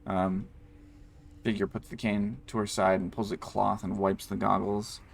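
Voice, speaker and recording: A man with a lowish voice narrates a tabletop game as its game master. His delivery is loose and rambling, padded with ums and likes. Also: little pitch movement, measured pace, vocal fry, slight background noise.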